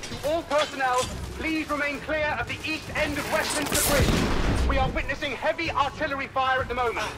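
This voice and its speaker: An actor playing a military radio dispatcher in a video game, giving brisk, formal reports. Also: male voice, very high-pitched, fairly even intonation. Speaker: game character. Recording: game audio under loud music. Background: loud game score and gunfire.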